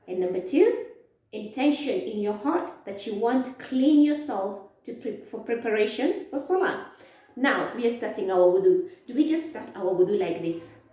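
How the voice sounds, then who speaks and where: A woman teaching a lesson to children, speaking slowly, asking questions and answering them herself. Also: mid-range voice, animated, dark tone. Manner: slow, drawn-out, asks questions and answers them. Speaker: Islamic studies teacher. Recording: echoey, from far off.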